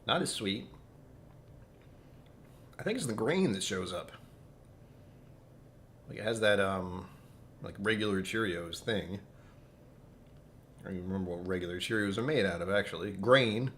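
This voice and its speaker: A man's voice: lowish voice, moderate pace, pauses often, a bit bright, slight background noise. A man tasting whisky on a live stream, rambling casually, joking at his own expense and chatting with viewers as he reads out their comments. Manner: rambling, self-deprecating, jumps between topics.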